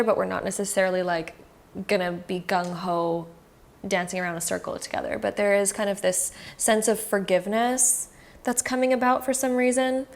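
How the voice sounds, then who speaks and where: A woman's voice: medium pitch, gravelly. A woman giving a casual, reassuring tarot card reading, speaking straight to the viewer with frequent fillers.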